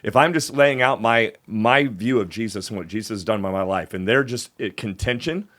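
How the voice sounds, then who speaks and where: A man with a fairly low voice, speaking in a measured, teacherly manner. He lays out his thinking step by step in an easy podcast conversation. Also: a bit bright. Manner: measured, teacherly, explains point by point. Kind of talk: calm explanatory conversation.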